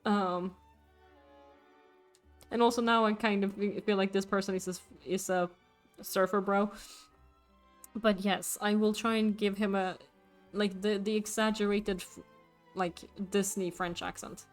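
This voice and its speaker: A playful, giggly woman streaming a game live and chatting with her viewers. Her pitch sits in the ordinary middle range, and soft game music plays underneath. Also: fairly even intonation, measured pace, long pauses. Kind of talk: casual live gameplay chat.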